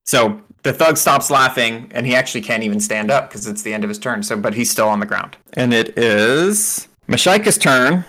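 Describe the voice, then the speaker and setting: A man narrating as game master of a tabletop game, making brisk rulings and laughing often. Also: mid-range voice, lively intonation, bright, forceful tone.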